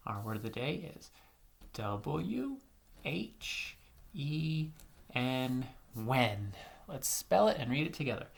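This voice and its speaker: A man's voice: medium pitch, very animated, slow pace, creaky. A male teacher leading an early-grade reading lesson for children, spelling words out letter by letter and chanting rhymes as he claps out syllables.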